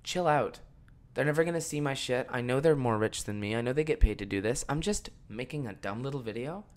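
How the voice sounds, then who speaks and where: A young man hosting a podcast, ranting casually and swearing a lot, swinging from mumbled asides to loud exasperated outbursts. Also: mid-range voice, animated, fairly quick. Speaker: podcast host.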